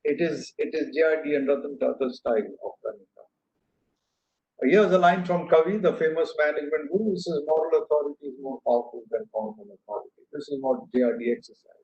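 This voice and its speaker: Older man, earnest storyteller at a podium, mellow voice, muffled echoey hall recording. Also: on the high side, brisk, a little hiss or hum. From India. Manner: anecdotal, earnest, with frequent fillers and restarts. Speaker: speaker giving a talk. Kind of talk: speech to an audience. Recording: echoey hall, dull lo-fi sound.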